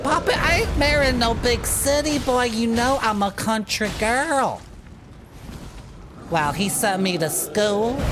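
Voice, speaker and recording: A woman's voice: a little high, pitched above the performer's own voice, lightly acted. A woman putting on an exaggerated Southern drawl as a folksy country girl spinning a tall tale in a comic bit. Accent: put-on American Southern. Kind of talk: comic improvised character bit.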